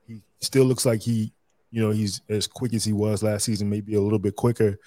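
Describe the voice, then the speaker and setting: A man co-hosting a podcast, putting a two-part question to the guest in a relaxed, slightly halting way. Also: on the low side, no room sound. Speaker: podcast co-host. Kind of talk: casual podcast interview.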